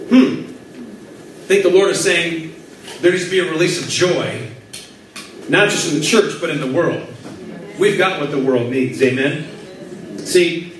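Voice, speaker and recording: A man preaching a sermon, telling a story with animated voices for his own prayers. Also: high-pitched, a little hiss or hum. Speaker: pastor. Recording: echoey hall from far off.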